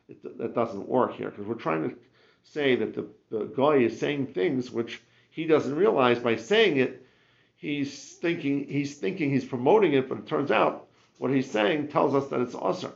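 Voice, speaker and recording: A man's voice: medium pitch, vocal fry. A man teaching a Talmud class, explaining with rhetorical questions and frequent restarts. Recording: muffled lo-fi classroom recording.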